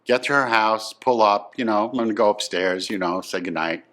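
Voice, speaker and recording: Bright-voiced man in his fifties, emphatic. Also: fairly low pitch, moderate pace. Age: 50s. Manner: emphatic, swings from subdued to excited. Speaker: storyteller. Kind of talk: personal storytelling.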